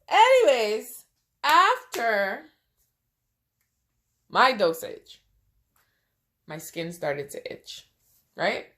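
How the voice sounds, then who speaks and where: A woman's voice: fairly high pitch, wildly swooping pitch, extremely slow, pauses often, a bit bright. A woman in a casual storytime vlog, talking conversationally with many "you know" asides and sounding emotional, close to tears at times. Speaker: vlogger.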